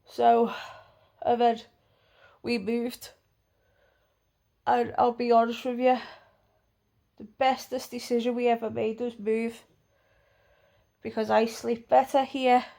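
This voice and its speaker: A woman's voice: a little high, flat delivery, slow pace, gravelly, long pauses, warm tone. A woman telling a storytime vlog bluntly, with plenty of swearing. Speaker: vlogger.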